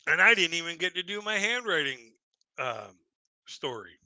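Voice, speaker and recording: Bright-voiced man rambling. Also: on the high side, big pitch swings, normal speed, no echo, low-quality recording. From Canada. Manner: rambling, with many restarts and chuckles. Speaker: livestream host. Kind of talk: casual storytelling chat.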